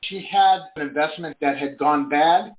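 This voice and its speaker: A middle-aged man, an online business coach, telling a story in earnest on a live conference call, his voice rising high when excited. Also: moderate pace. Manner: earnest storytelling, swings between low and high excited pitch. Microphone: phone call line. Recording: tinny phone line.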